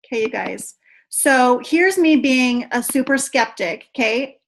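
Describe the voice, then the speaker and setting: A woman leading an online team training, chatty and excitable, often saying "you guys.". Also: high voice, unhurried, slight background noise. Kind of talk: online video call training. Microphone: video call.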